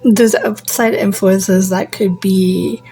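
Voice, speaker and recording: A woman giving a casual tarot reading, musing slowly, trailing off with fillers and slipping into soft near-whispers. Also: mid-range voice, steady tone, soft background music, rough recording. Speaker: tarot reader.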